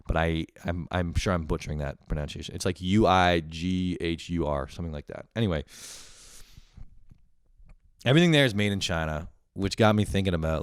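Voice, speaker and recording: A man hosting a casual comedic solo rant, excitable and profane, laughing often and buzzing on coffee. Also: low voice, no room sound, clean studio sound. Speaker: host.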